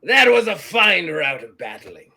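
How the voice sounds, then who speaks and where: Man doing a rowdy hoarse pirate crewman. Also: high-pitched, big pitch swings, measured pace, exaggerated voice. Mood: sly. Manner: gruff pirate drawl, loud bursts. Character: rowdy piratey male crewman, boozy and greedy.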